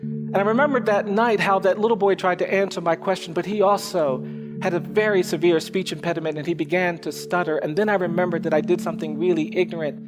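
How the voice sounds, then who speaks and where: Man, high voice, lawyer giving a speech, measured repetitive storytelling, echoey hall, faint music. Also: steady tone.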